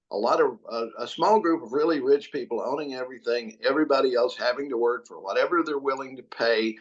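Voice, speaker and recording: A man's voice: mid-range voice, dull audio. A man who is a returning podcast guest, ranting about politics with emphatic repetition and plenty of cursing. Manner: emphatic and profane, repeats phrases for force. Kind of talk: casual political chat.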